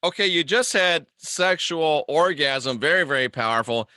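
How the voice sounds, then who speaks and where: A man's voice: fairly high pitch, normal speed, sharp tone, dry recording, studio quality. A man hosting a casual livestream monologue, rambling and joking as he answers viewer comments. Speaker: host.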